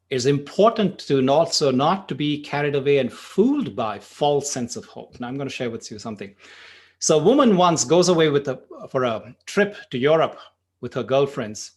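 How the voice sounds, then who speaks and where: Conversational male meditation teacher. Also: mid-range voice. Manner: conversational, frequent "you know", spurts of speed. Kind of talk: workshop talk with storytelling.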